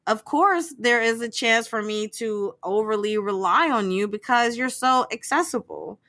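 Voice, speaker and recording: A woman therapist co-hosting a podcast, talking in a chatty, animated way with many fillers and frequent laughs. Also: a little high, moderate pace, no echo. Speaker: therapist co-host. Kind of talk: casual podcast chat.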